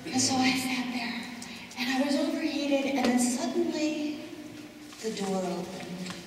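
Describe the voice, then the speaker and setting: A woman performing a dramatic monologue, telling a story in a measured, expressive, theatrical way to a live audience. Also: high-pitched, noisy background. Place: church hall, live audience. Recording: echoey hall from far off.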